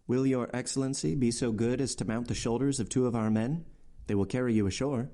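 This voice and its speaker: A man's voice: mid-range voice, steady tone, fairly quick, dark tone, lightly acted. A man voicing a humble ship's pilot who pleads in a deferential, fretful way. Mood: anxious.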